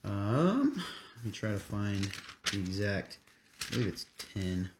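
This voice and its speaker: A man's voice: on the low side, very animated, a little slow, very noisy. A man hosting a casual faith podcast, plainly and steadily answering questions about the Bible. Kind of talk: casual teaching talk.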